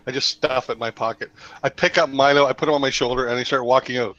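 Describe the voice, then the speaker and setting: Brief: gruff impatient male player, loud and forceful, dull recording. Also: mid-range voice, steady tone, fast, no room sound. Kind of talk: in-character tabletop role-play.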